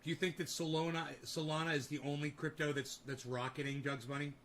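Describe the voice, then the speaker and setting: A man's voice: on the high side, level tone, fast talker, a bit bright, slight background noise. A man hosting a livestream who rants heatedly at his chat, swearing freely and talking straight back to commenters. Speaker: streamer host.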